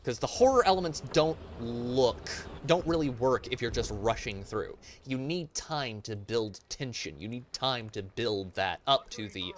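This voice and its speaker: A man's voice: medium pitch, animated, unhurried. A man streaming a game, ranting and swearing in casual, profane commentary. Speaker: gaming streamer. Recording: noisy background.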